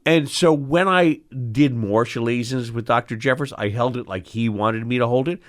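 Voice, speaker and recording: A man's voice: mid-range voice, moderate pace. A man, an eye surgeon, telling stories from his training in a podcast chat, acting out the people he quotes. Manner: animated storyteller, acts out quotes. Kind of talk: storytelling in a podcast conversation.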